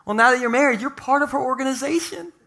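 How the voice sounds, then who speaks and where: A man's voice: very high voice, fast talker, gravelly, pushed and bright. A man preaching a humorous sermon as a pastor in a church, talking in a playful, conversational way full of jokes. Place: church sanctuary.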